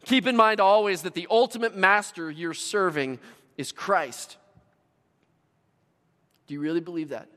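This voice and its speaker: A middle-aged man preaches with a slightly high voice, shifting easily into little voiced asides as he tells stories. His words ring out with a long reverb through a large church hall. It sounds like a pastor talking to a congregation. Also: unhurried, pauses often, bright, forceful tone. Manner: storytelling with voiced asides and laughs. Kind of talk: sermon.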